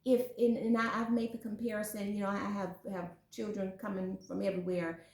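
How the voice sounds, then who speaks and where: A woman hosting a casual faith talk, encouraging listeners and telling lively anecdotes. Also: medium pitch, brisk. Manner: warm encouraging, animated when telling anecdotes. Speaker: host. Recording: echoey room.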